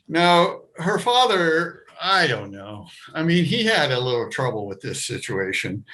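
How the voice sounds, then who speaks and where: A middle-aged American man telling a personal story to a live audience, animated, jumping into loud high voices for the people in it. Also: rough recording. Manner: animated, acts out his younger self and others with loud high shouts.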